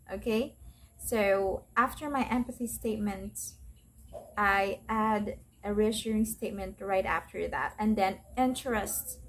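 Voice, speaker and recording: Brief: non-native English woman, call center agent, slow, higher voice, faint background noise. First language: not English. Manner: explains patiently, repeating phrases and restarting. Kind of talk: casual tutorial.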